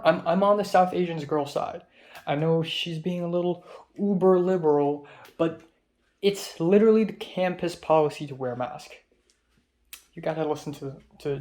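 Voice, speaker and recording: A man's voice: fairly high pitch, a little mellow. A young man from Hong Kong, a film student, talks in a rambling, profane diary vlog, full of ums and restarts. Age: young adult. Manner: rambling, profane, with many fillers.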